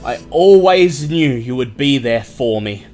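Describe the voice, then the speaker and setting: A man voicing a defeated, groveling man who begs for mercy in a shrill, panicked way. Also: lively intonation, unhurried, a little mellow, soft background music, lightly acted. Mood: desperate.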